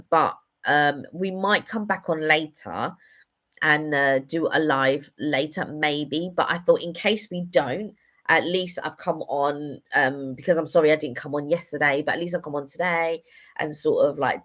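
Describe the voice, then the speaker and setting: A woman's voice: deep voice, a bit bright, muffled recording. A woman chatting casually on a live stream, telling rambling stories with lots of fillers. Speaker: vlogger doing a live stream. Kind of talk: casual chat.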